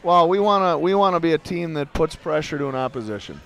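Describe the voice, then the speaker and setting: A man coaching a hockey team, answering interview questions in a halting way with many fillers and dry jokes, in a restaurant. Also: on the high side, lively intonation, vocal fry, a bit bright. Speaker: head coach.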